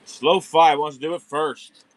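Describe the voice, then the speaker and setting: A man hosts a late-night live sale from a warehouse, talking casually to his viewers and building up hype for each pull. His voice sits a bit high for a man. The sound is dry, with almost no room echo. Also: steady tone, unhurried. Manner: chatty, hypes each pull, speaks straight to viewers. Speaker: host of a live online diecast car sale. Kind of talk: casual live-stream sales chat.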